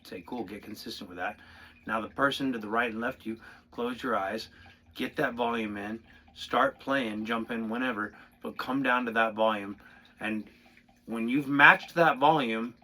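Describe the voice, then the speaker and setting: A man giving a casual drumming lesson, talking through a soft-playing exercise with sudden loud, excited bursts between quieter asides. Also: mid-range voice, normal speed, breathy edge. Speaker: drum instructor.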